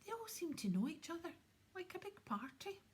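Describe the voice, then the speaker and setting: A woman voicing a blunt, suspicious middle-aged male campsite keeper in an audiobook, with a breathy voice. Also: extremely high pitch, sing-song, fairly quick, pitched above the performer's own voice. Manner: blunt, nosy questions.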